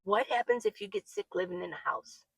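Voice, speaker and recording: Gravelly-voiced woman chatting about van life. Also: medium pitch, fairly quick, dry recording, rough recording. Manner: chatty, laughs often, gets worked up. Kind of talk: casual talk to camera, reading viewer comments. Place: living in her minivan.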